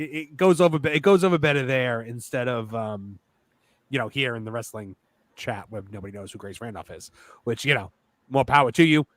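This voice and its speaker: A man's voice: mid-range voice, fairly bright tone, no room sound. A man hosting a casual livestream chat who reads out viewer questions and chats easily with his co-hosts. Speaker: livestream host.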